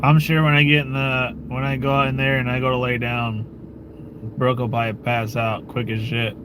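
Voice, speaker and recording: A man from the United States, medium in pitch and normal in speed, hosts his own channel while background noise fills the recording. He shoots the breeze with live-stream viewers, rambling easily with lots of fillers, cursing and chuckling.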